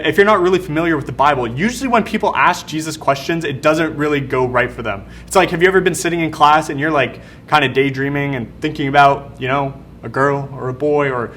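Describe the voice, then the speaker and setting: A young man delivering a youth sermon with animated, casual storytelling and plenty of slang. His voice sits a little higher than most men's. A faint rumble of noise runs underneath. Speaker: youth pastor.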